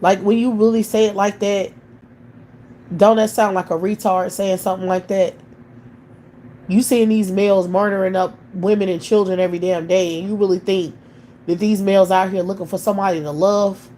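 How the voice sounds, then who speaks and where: A woman hosting a livestream rants bluntly and profanely, firing off scornful rhetorical questions. Her mellow, mid-range voice stays fairly even in intonation at a moderate pace, with slight background noise.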